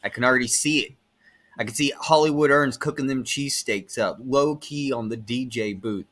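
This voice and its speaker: Excitable man hosting a sports chat. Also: medium pitch, normal speed. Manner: excitable, laughs often. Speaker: podcast host. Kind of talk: casual sports talk.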